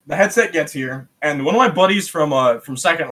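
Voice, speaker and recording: Male guest, from West Michigan, higher-pitched, bright tone, animated swearing raconteur. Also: brisk. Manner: animated, profane, acts out quoted voices. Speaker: podcast guest. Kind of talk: casual storytelling.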